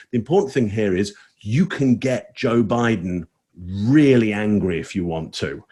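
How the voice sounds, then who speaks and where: A man analyzing body language on a casual online panel, talking in a relaxed way with fillers as he thinks aloud. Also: on the low side, breathy edge.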